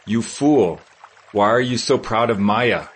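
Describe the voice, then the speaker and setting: A man giving a slow, solemn scripture reading, measured and reverent, with pauses between phrases. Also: fairly low pitch, husky, poor audio. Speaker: scripture reader.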